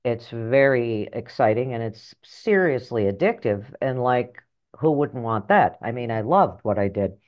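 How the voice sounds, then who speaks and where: A middle-aged woman author and life coach telling her story in an interview, animated and blunt, acting out voices in her head. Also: extremely low pitch, measured pace, few pauses, highs cut off. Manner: animated, acts out inner voices, earthy phrasing.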